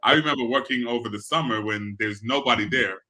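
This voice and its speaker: Man, South Bronx New York accent, bright sharp tone, animated storyteller, casual interview host. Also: mid-range voice, fairly quick.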